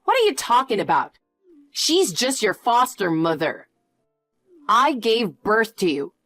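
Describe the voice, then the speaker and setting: A woman's voice: medium pitch, big pitch swings, unhurried, fairly bright tone, no echo, soft background music. A woman voicing a greedy, pushy middle-aged birth mother who demands money, in a scripted story reading. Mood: demanding. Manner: demanding, wheedling.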